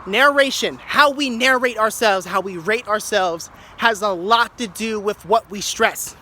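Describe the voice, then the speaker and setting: A man with a high-pitched, bright and forceful voice muses aloud, sharing loose, improvised reflections. He is unhurried, plays with words, and often restarts and repeats his phrases, with slight background noise present.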